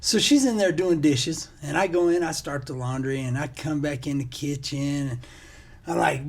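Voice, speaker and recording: Middle-aged male podcast co-host, husky voice, lively storyteller, slightly high. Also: moderate pace. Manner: animated storyteller, laughs often. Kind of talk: casual chat.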